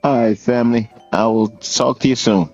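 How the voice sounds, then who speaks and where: A man's voice: medium pitch, steady tone, moderate pace, darkish tone, faint music behind. A man calling into a livestream, easygoing and friendly in the way he greets the host and passes on news. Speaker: caller. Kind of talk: casual chat. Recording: muffled lo-fi call audio.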